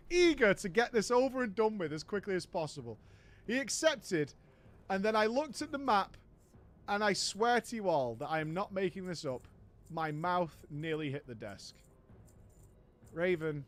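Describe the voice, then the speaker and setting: Wry and exasperated, a man with a high, slightly bright voice recounts a funny episode from an online game, laughing often as he tells it.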